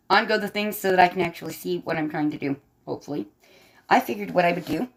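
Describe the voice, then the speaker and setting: A chatty woman with a faint Southern American lilt hosts a casual livestream from her bed, coloring as she talks. Her voice sits fairly low and she laughs easily while answering the chat. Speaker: livestream host and artist. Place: bedroom, propped up in bed.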